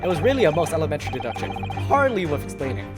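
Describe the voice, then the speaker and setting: A woman voicing a pompous, eccentric male detective, booming with self-assured proclamations over loud game music. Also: sing-song, rapid-fire. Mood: grandiose.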